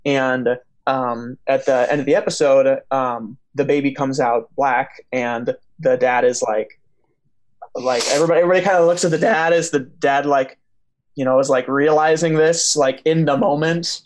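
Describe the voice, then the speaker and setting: A man's voice: mid-range voice, fairly even intonation, normal speed. Rambling young man telling a story. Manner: rambling storyteller with many fillers and restarts. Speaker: podcast host. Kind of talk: casual chat.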